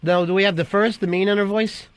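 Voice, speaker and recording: A man hosting a talk radio show, teasing and sarcastic, given to quick, punchy rants. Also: high voice, steady tone. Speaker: radio host. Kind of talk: casual radio chat.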